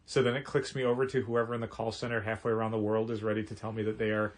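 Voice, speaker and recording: A man co-hosting a casual podcast, telling stories in a lively way and acting out both sides of phone calls he quotes. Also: on the low side, rapid-fire. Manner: animated storytelling with quoted phone voices. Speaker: podcast co-host, comic shop co-owner.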